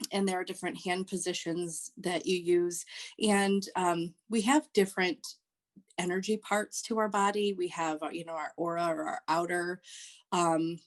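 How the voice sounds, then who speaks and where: A woman, a social worker and Reiki practitioner, explaining her work as a podcast guest in a halting way with many fillers. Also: lowish voice. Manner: hesitant, many ums and restarts. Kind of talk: podcast interview.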